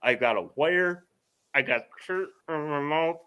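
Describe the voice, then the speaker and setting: A man's voice: a little high, a little slow, slight background noise. A young man co-hosting a podcast, telling a story in casual, profane chat and laughing as it builds. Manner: animated storyteller, swears freely, laughs through the story. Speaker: podcast co-host.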